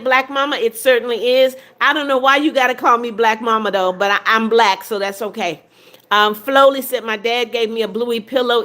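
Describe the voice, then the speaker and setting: A woman's voice: a little high, fairly bright tone. A woman in her seventies hosting a livestream, casually reading viewers' comments aloud and greeting them by name. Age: 70s. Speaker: livestream host.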